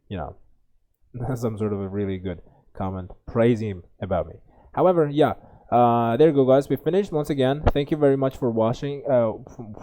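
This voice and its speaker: A man's voice: lowish voice, mellow. A man with an Uzbek accent teaching an exam reading lesson, thinking aloud with many fillers and restarts. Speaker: IELTS tutor.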